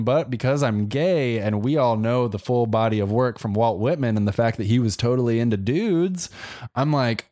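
A man's voice: mid-range voice, moderate pace, darkish tone, no echo, clean studio sound. A young adult man co-hosting a podcast, telling history in a casual, joking way and putting on playful voices. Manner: jokey storyteller, playful voices. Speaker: podcast co-host. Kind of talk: casual comedic chat.

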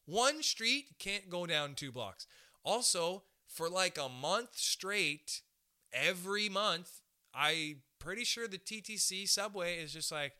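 Bright-voiced profane comedian. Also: male voice, high-pitched, takes it slowly. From Canada. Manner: profane, rambling, animated asides. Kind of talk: stand-up style monologue.

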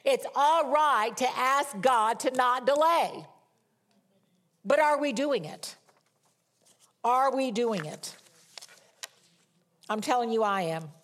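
A middle-aged woman preacher reading scripture and telling a humorous personal story in a lively sermon. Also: high voice, takes it slowly, long pauses.

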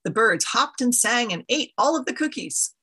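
A woman reads a children's story to her congregation. She tells it in a gentle way. Her voice is bright and noticeably husky. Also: on the high side, lively intonation, moderate pace. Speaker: interim leader of an ethical society. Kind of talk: reading a children's story aloud.

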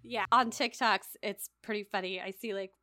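An American woman co-hosts a podcast, chatting casually in a medium-pitched voice at a normal pace with no echo. She sounds animated and wry, dropping lots of fillers like "like."

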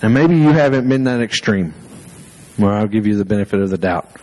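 A man's voice: on the low side, expressive, brisk, darkish tone, low-quality recording. A male pastor preaching a sermon through personal stories, conversational and self-deprecating, with fillers and restarts.

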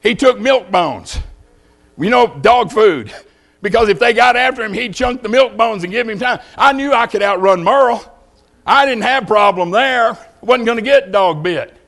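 An older man with a drawl preaches with folksy humor, spinning homespun tales. His voice sits high for a man and swoops up and down with animation. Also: animated, moderate pace, a bit bright. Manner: folksy storytelling with jokes. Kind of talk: sermon.

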